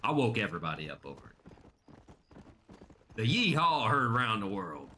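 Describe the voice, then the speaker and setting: Chatting casually and joking in rambling asides into his desk microphone, a man gives live-stream commentary while playing a video game. His voice is lowish, sharp, very animated, at normal speed.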